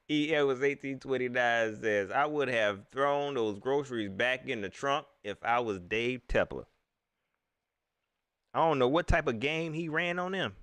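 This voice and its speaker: A man with a Southern US accent hosting a casual live-stream chat, animated and quick to laugh, his voice climbing high when he gets riled. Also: clean tone, no room sound. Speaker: host.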